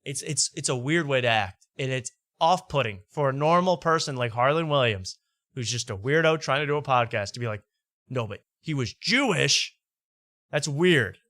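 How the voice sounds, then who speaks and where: A man with a bright, forward voice talks through a podcast clip in loose, wry commentary, laughing at it as he goes. The sound is close and dry. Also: mid-range voice, lively intonation, a little fast, no echo. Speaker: host reacting to podcast clips. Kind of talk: casual commentary.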